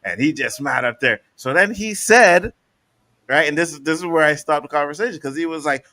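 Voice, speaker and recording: A man co-hosting a podcast, casually telling animated stories and acting out the people he quotes. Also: a little high, normal speed, no room sound. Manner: animated storytelling, acts out quotes. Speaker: podcast co-host. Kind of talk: casual chat.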